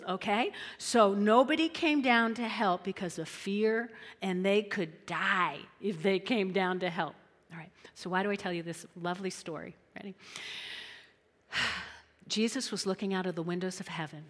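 A woman preaching a sermon in an animated, conversational way, often checking in with her listeners. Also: mid-range voice, moderate pace, in a large hall.

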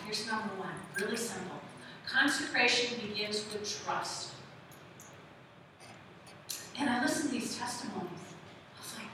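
Woman in her sixties preaching in an echoey hall. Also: a little high. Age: 60s. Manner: conversational storytelling, questions to the congregation. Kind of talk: sermon. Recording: echoey hall from far off, audible room noise.

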